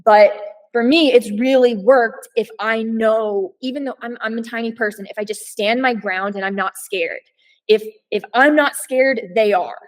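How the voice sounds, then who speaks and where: A woman with a fairly high voice chats in a casual group discussion. She is playful and blunt, and often rambles and restarts her sentences. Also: normal speed, low-quality recording. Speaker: panel guest.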